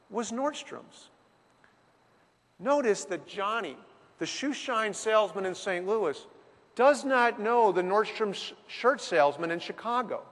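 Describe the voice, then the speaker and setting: A man telling a story as a business speaker, lively, with dramatic pauses. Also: high-pitched. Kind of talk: storytelling talk. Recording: long hall reverb.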